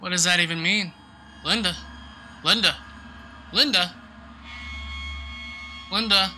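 A man giving live commentary while playing a horror game, jumpy and quick to exclaim and swear at every scare. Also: high voice, sharp tone, slight background noise. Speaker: let's play host.

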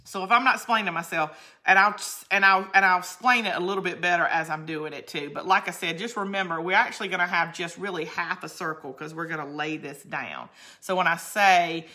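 A woman's voice: fairly low pitch, fairly quick, pushed and bright. A woman hosting a live craft tutorial, explaining steps in a chatty, rambling way and reading viewer comments aloud. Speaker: craft video host.

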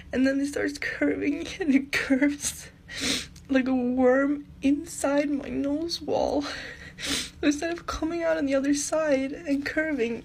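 Young woman, crying, frustrated, half-whispered, swearing, high voice, slow, unhurried delivery, phone close up. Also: fairly even intonation, darkish tone, slight background noise. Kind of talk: tearful self-filmed vlog.

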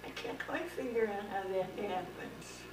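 Pittsburgh-accented woman, echoey distant recording. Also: medium pitch. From Pittsburgh, USA. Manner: halting, searching for words. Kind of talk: casual family conversation. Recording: echoey room, distant mic, hiss.

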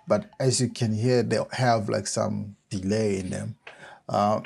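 Gravelly low-voiced man explaining beats. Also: unhurried, music in the background. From South Africa. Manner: relaxed, explains step by step. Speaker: music producer. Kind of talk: casual software tutorial.

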